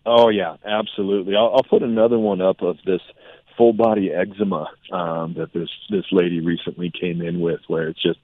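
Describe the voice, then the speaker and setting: Low-voiced man telling patient stories on radio. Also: fairly quick. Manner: animated storytelling with fillers. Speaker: functional medicine doctor. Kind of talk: radio talk show guest. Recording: tinny phone-like radio audio.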